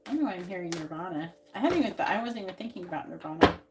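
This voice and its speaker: A woman's voice: lowish voice, lively intonation, racing, background noise. Woman psychic doing a tarot livestream. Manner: short, emphatic statements. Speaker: psychic reader. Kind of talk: live-stream tarot reading.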